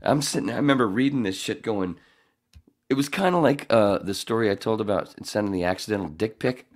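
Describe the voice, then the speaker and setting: Deep-voiced man telling a rambling story. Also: brisk. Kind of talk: casual chat.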